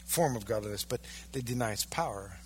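A male pastor preaching a sermon, emphatic, swinging from loud, stressed peaks down to low, quiet lines. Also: expressive, fairly quick, a little hiss or hum.

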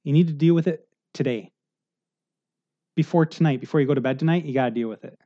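A man's voice: on the high side, quick pace, dark tone, muffled recording. A middle-aged male pastor preaching a sermon in a conversational, earnest way, often checking in with the congregation.

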